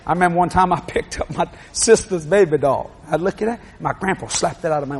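An older man preaching a sermon, animated, shouting and laughing as he acts out scenes. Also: a little high, fast talker, few pauses, husky.

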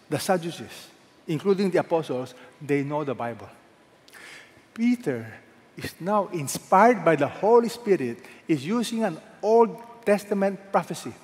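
A man's voice: a little high, animated, normal speed. A man preaching a sermon as pastor, emphatic, asking the congregation questions and having them read along. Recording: echoey hall with long reverb.

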